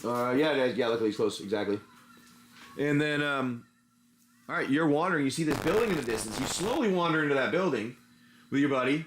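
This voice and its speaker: A man's voice: mid-range voice, expressive, a little fast, faint music behind. Chatty man hosting a card-pack livestream. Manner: rambling, chatty, talks while handling cards. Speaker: livestream host opening card packs. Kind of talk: casual livestream chat and improvised story narration.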